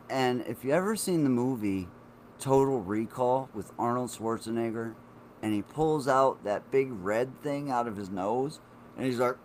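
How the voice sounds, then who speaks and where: A man's voice: medium pitch, slight background noise. A man telling a funny personal story to the camera in a casual, profane, self-mocking way. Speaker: vlogger.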